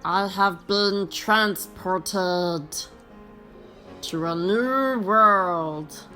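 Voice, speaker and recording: A woman voicing a solemn little toy alien in a mobile game, speaking in a slow, drawn-out, dreamy way. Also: medium pitch, sharp tone, soft background music, voice pushed down. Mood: awed.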